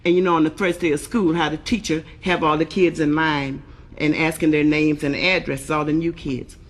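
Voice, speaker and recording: A woman's voice: deep voice, steady tone, normal speed. A woman telling raunchy stand-up jokes on a live stage, brash and cussing. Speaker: stand-up comedian.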